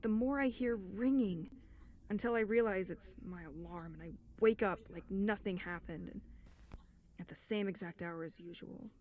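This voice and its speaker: A woman's voice: mid-range voice, a little hiss or hum, close to an everyday voice. An actress voicing a lonely young woman recording reflective, wry diary entries in a game. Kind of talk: game voice acting. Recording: tinny phone-like sound.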